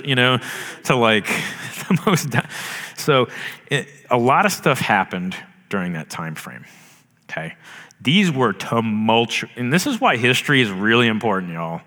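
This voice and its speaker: With a lowish, bright, forceful voice that swings widely in pitch, a male pastor preaches at a normal speed. He talks casually, using many fillers and laughing as he goes, and the sound has a long hall reverb.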